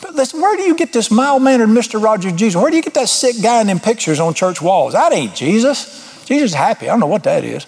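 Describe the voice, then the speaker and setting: A middle-aged man preaches in a loose, folksy way. His voice sits fairly high and sounds husky. He is blunt, jokes at his own expense, and his voice jumps up when he drives a point home. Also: very animated, quick pace, a little mellow. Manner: folksy, blunt and self-deprecating, with sudden emphatic rises. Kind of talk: informal sermon.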